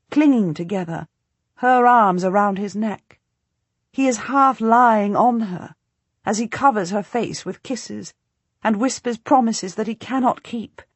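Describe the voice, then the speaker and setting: A woman reading a historical novel aloud as a first-person audiobook narrator, measured and dramatic. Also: medium pitch, breathy edge, dry recording.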